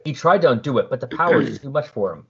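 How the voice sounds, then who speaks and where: A man's voice: mid-range voice, expressive, fast talker, creaky, slightly rough, dull audio, full character voice. A man voicing an earnest young male superhero who speaks emphatically. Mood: somber. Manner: emphatic and indignant.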